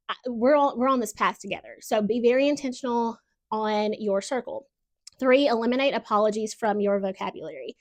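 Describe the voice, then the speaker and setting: Female podcast host, higher-pitched, chatty motivational monologue, peppered with "like". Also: fairly quick. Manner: chatty, heavy use of "like", lively asides.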